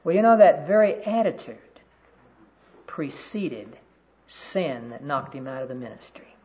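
A man's voice: a little high, very animated, a little slow, a little mellow. A man preaching a sermon to a conference audience, telling stories earnestly and quoting scripture. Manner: earnest storytelling, quotes scripture. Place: conference room. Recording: dull lo-fi sermon recording.

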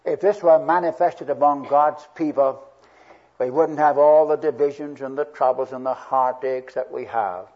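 A man's voice: mid-range voice, steady tone, moderate pace, darkish tone. A man preaching a sermon verse by verse, earnest and swelling with emphasis on key words. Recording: dull lo-fi old recording.

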